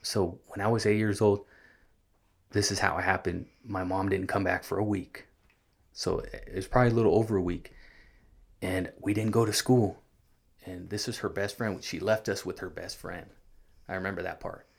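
A man from California, earnestly recounting his own hard childhood as an interview guest, halting and restarting often. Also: low voice, steady tone, creaky. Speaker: guest sharing his life story. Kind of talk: personal storytelling in an interview.

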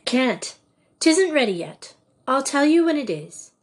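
A woman's voice: sits high, very animated, unhurried, pitched above the performer's own voice. A woman reading an audiobook, voicing a confident, breezy schoolgirl ringleader. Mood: scheming. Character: lively scheming schoolgirl leader.

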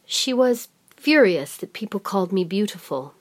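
A woman voicing a meek, quiet younger sister who speaks in a soft, subdued way. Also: mid-range voice, expressive, normal speed, lightly acted. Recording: music playing underneath.

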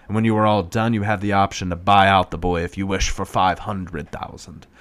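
A man voicing a crude, scheming male captor, higher and louder than his own voice. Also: level tone, brisk. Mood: smarmy.

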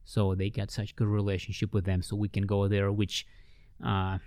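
A man telling ministry stories in an interview, with lively storytelling that acts out the voices of the people he met. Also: moderate pace, dry recording, studio quality. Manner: animated, acts out quoted voices with big pitch jumps. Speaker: ministry worker.

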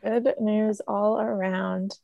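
A woman's voice: mid-range voice, slow, gravelly, no echo, muffled recording. A woman co-hosting a podcast, chatting casually and supportively. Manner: supportive, relaxed, conversational. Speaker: podcast co-host. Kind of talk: casual chat.

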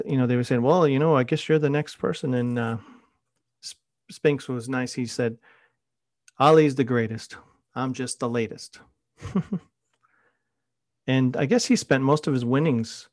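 A middle-aged man hosts a podcast in a casual, conversational monologue, drifting from one anecdote to the next. His voice sits in an ordinary middle pitch and sounds dry and close, with no room around it. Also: darkish tone, no echo. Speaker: podcast host.

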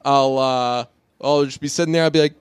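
A man's voice: medium pitch, fairly even intonation, a little fast, clean tone, dry recording. A man, co-hosting a casual comedic podcast chat, rambling and swearing often. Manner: profane, rambling, jokey. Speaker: podcast co-host.

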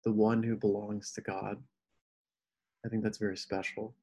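Guy telling a story on a podcast, lively, does the voices of people he met. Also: lowish voice, normal speed, husky. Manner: animated, acts out quoted voices. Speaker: podcast guest. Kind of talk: casual storytelling.

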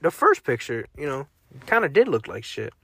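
A man's voice: mid-range voice, huge pitch swings, normal speed, a bit bright, dry recording, clean studio sound. A man hosting a casual solo podcast, joking and swearing as he reacts aloud to what he browses online. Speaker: podcast host.

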